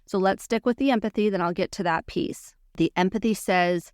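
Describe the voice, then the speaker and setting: A woman's voice: medium pitch, fairly quick, hardly any pauses, darkish tone, no room sound, studio quality. A woman therapist hosting a podcast, teaching communication skills in an earnest, coaching monologue and acting out sample phrases.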